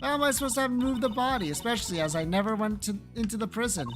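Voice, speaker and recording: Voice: mid-range voice, quick pace, natural voice. A player voicing a flirty, condescending female prison warden who calls everyone darling, over faint game music. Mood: sugary. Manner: sugary and patronizing, calls others darling and sweetie.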